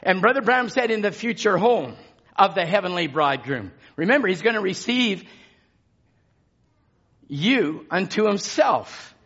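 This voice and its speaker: A man's voice: sits high, very animated, a little slow, fairly bright tone, muffled recording. A man preaching a sermon with passion, his intensity rising and falling as he exhorts the congregation.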